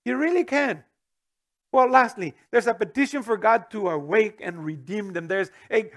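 High-voiced preaching man. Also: normal speed. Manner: animated preaching with rhetorical questions and sudden loud outbursts. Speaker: pastor. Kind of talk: sermon.

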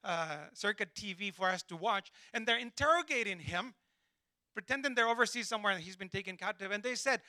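A man preaching a sermon, telling stories and acting out the dialogue with lively emphasis. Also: high-pitched, fairly quick, dry recording. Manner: animated storytelling, acts out dialogue. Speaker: pastor.

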